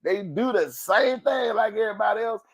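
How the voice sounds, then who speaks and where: A man hosting a podcast in a motivational monologue, colloquial and preachy, calling out "ooh" and swinging between loud and soft. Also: fairly quick. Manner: preachy, exclaims "ooh", big swings in pitch and volume; colloquial, addresses listeners as family. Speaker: podcast host.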